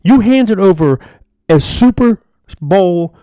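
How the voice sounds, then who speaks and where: A man's voice: high-pitched, expressive, slow, dark tone, smooth, dry recording, clean studio sound. Fed-up man ranting about his team. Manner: frustrated, profane, rambling rant. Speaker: sports vlogger. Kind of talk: ranting fan commentary.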